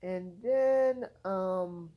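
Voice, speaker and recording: A woman's voice: mid-range voice, drawn-out words, muffled recording. A tired woman from the United States, telling her own story in a rambling, frank, conversational vlog at home. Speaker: content creator.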